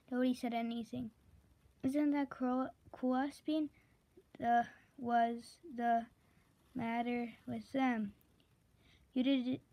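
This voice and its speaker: A woman slowly reading a children's chapter book aloud, correcting herself and pausing to chat about the pictures. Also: fairly high pitch, dark tone. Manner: slow, careful read-aloud with self-corrections; chatty asides about the pictures. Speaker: reader.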